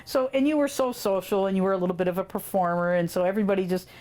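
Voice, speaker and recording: A woman telling fond family stories in an interview, animated and laughing often as she recalls them. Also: mid-range voice, very fast. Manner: animated, laughs often, quotes children in dramatic voices. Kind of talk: casual storytelling in an interview.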